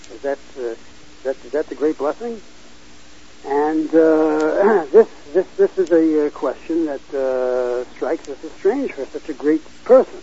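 A man teaching a Torah class, halting often with fillers and restarts as he reads verses aloud and explains them. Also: medium pitch, mellow, slight background noise. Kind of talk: Bible class lecture. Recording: dull lo-fi recording.

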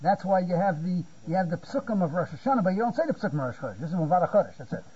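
A man's voice: sits high, animated, rapid-fire, dark tone, breathy edge, highs cut off. A man giving a Torah lecture, often repeating words and checking "you see?". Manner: repeats words while searching for phrasing, asks "you see?". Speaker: Talmud teacher.

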